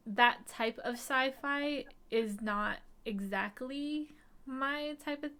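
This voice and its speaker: A woman's voice: high voice, takes it slowly, sharp tone, clean tone. A woman co-hosting a live film discussion stream, chatting casually with lots of fillers and little hedges.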